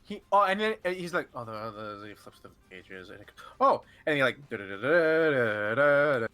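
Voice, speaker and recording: A man's voice: on the high side, very animated, brisk, sharp tone, faint music behind. A man narrating as game master, rambling with lots of filler.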